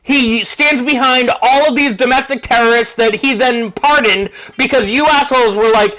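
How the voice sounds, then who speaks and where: A man hosting a podcast, delivering an angry, profane political rant in a low-quality first recording. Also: normal speed, bright, forceful tone. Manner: furious, profane, ranting. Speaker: podcast host.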